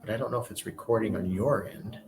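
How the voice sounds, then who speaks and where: A man's voice: lowish voice, quick pace, a little mellow, slight background noise. A man chatting as a guest over a video call, playful and rambling, asking question after question. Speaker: podcast host and guest. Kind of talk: casual video call chat.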